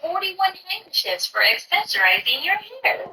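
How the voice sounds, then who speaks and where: A woman's voice: very high voice, sing-song, moderate pace, pushed and bright, slight background noise, rough recording. A woman talking in short social media clips, earnest and overly polite.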